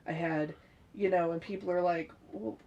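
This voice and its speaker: A woman in casual chat, telling stories in an animated, profane way. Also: on the low side, moderate pace, highs cut off, slight background noise.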